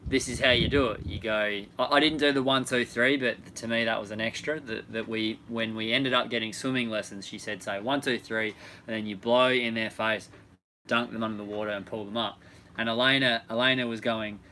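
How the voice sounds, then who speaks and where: Bright joking Australian man. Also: medium pitch, fairly even intonation, a little fast, slight background noise, poor audio. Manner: joking, rambling, self-interrupting. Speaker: co-host. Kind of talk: casual live Q&A chat.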